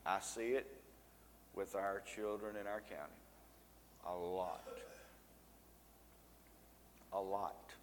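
A man's voice: low voice, fairly even intonation, slow pace, long pauses, slight background noise. A man teaching a Bible lesson, reading scripture with rising emphasis and talking folksy to the congregation. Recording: long reverb in a church hall.

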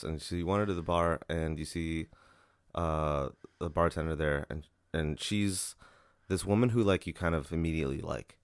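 A man's voice: rumbling low, steady tone, normal speed, dry recording, studio quality. A young man hosting, improvising a rambling, profane comic story full of "like". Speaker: host.

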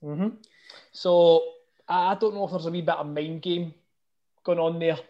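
A man's voice: on the high side, steady tone, moderate pace, lo-fi sound. A Scottish man co-hosting a casual football podcast in easygoing chat. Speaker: podcast co-host.

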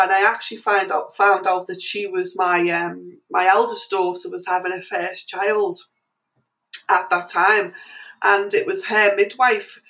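A middle-aged woman, an interview guest, telling a story in an animated way with many restarts and fillers. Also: medium pitch, low-quality recording.

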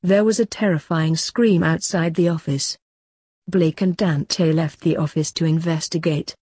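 Husky woman reading a story. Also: low-pitched, fairly even intonation, measured pace, dark tone, dry recording.

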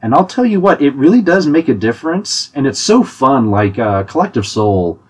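Young man, husky, lively pitch, casual chatty monologue. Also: normal speed. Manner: chatty, animated, many restarts and laughs. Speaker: podcast host giving concert tips.

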